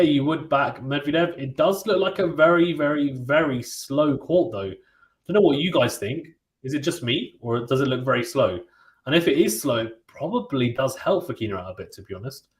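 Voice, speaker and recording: A man's voice: on the high side, normal speed. Chatty male play-by-play streamer in a roomy space. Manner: chatty and relaxed, reads out viewer comments and reacts to them. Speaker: host of a live tennis watchalong stream. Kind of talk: live play-by-play commentary mixed with casual chat. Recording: roomy echo.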